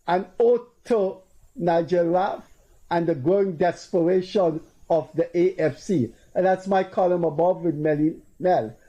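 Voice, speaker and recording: Guyanese male host, high-pitched but mellow, emphatic storyteller. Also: a little slow, low-quality recording. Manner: storytelling, acting out quoted people in a raised voice. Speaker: talk show host. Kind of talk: casual political commentary.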